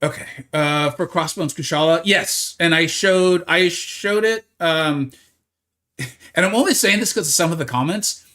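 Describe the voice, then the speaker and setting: Slightly high and a little slow, this man's voice is bright with a forceful tone. Playing a game on a livestream, he's chatty, responds to his viewers' chat, and frequently starts sentences over.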